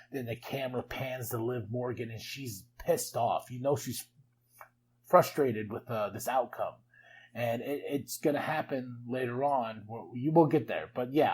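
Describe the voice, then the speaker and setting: A man hosting a podcast, recapping wrestling in a casual, excitable way with frequent laughs and chatty asides. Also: mid-range voice, breathy edge, poor audio. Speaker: podcast host.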